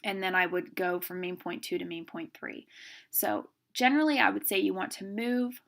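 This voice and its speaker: A middle-aged woman teaching a class on speaking, brisk and emphatic, demonstrating stress and pauses as she goes. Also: mid-range voice, steady tone, creaky, fairly bright tone. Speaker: speech instructor. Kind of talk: classroom lecture.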